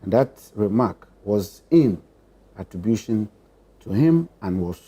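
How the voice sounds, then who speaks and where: A man speaking as a political panelist, choosing formal words with deliberate pauses. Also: on the low side, expressive, warm tone, husky, dull audio. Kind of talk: panel discussion.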